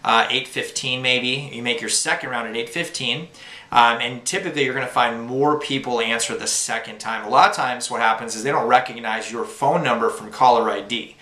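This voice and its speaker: A man's voice: medium pitch, brisk, pushed and bright, reverberant. A young man giving casual, upbeat tips to new sales reps, with lots of fillers. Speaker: sales trainer. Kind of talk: instructional talk to new reps.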